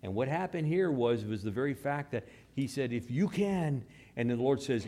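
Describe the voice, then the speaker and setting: A man preaching a sermon, moving between hushed, slow passages and raised, emphatic ones. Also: medium pitch, expressive. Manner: dramatic shifts between hushed and raised delivery. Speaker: pastor.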